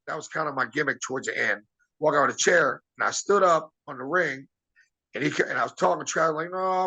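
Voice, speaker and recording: A man tells long, rambling stories from his wrestling days, slipping into the voices of the people he quotes. His voice is husky but bright and forceful, a little higher than most men's. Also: low-quality recording. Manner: rambling anecdotes, acts out quoted dialogue. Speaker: interview guest, former wrestler. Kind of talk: casual storytelling.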